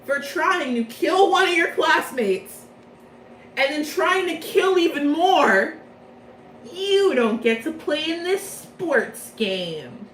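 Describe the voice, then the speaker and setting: A woman's voice: high-pitched, animated, slow, a bit bright, a little hiss or hum, pitched above the performer's own voice, exaggerated voice. Woman doing a prim, scolding headmaster. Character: stern male headmaster. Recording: echoey room, mic far off.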